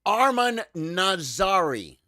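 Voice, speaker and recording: A man chatting live with his viewers, tired and choked up, halting and repeating words as he talks. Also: sits high, very animated, bright, forceful tone, dry recording, studio quality. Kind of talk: casual live-stream chat.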